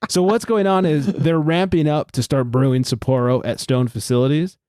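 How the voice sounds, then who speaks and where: A man's voice: a little high, fairly even intonation, moderate pace, mellow, dry recording, clean studio sound. A man hosting a casual podcast, telling stories in a chatty, profane way and acting out quoted voices. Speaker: podcast host.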